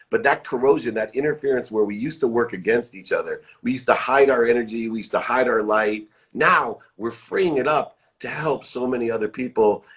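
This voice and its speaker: A middle-aged man hosting a live motivational chat, effusive and upbeat, repeating uplifting phrases. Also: medium pitch. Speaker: live show host. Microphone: phone or webcam live stream.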